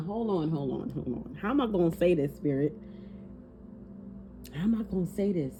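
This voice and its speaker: Tarot reader, woman, low mellow voice, casual and fiery, curses a lot. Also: normal speed, pauses often, faint music behind. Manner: animated, swears freely, talks to spirit aloud. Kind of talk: casual spoken tarot reading.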